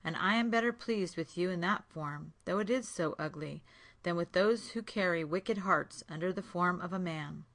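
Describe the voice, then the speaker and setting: A woman voicing a kind, timid young heroine in a storybook read-aloud, soft and careful. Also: lowish voice, moderate pace.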